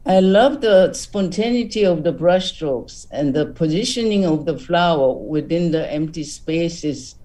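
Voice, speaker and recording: Man, judge, slow appreciative critique, mellow tone. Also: fairly high pitch, lively intonation. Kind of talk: brief art critique.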